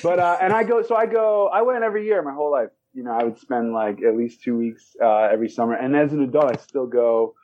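A man's voice: medium pitch, lively intonation, fast talker, hardly any pauses, a little mellow, highs cut off. A man in his forties, a comedian telling stories in casual chat, rambling with lots of fillers. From United States. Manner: rambling, many "you know" and "man". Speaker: comedian guest.

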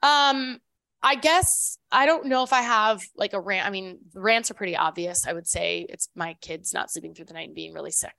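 A woman's voice: medium pitch, moderate pace, creaky, pushed and bright, dry recording. A woman co-hosting a podcast in casual chat, rambling with lots of fillers and restarts. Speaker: podcast co-host.

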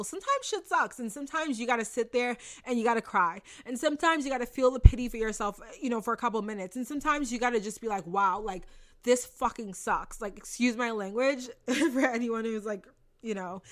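A woman's voice: fairly high pitch, a bit bright. A young woman hosting a podcast, giving an emphatic motivational talk with lots of repetition, casual swearing and laughs. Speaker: podcast host and manifestation coach.

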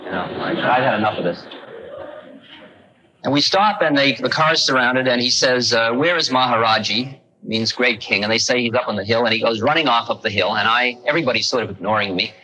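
A man's voice: medium pitch, fairly quick, pushed and bright, rough recording. A man telling a personal story in a conversational, self-mocking way, with restarts and asides. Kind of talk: storytelling talk.

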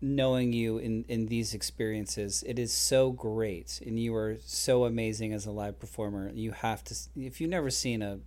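A man in his thirties co-hosting a podcast, talking casually and playfully, rambling and getting loud and excited when he teases. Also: lowish voice, normal speed, few pauses. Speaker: podcast co-host. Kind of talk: casual chat.

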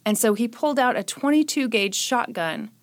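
A woman's voice: fairly high pitch, animated, moderate pace, no echo. Sarcastic woman podcast host, dry sound. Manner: sarcastic, jokey. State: short on sleep. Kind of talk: true crime storytelling and casual chat.

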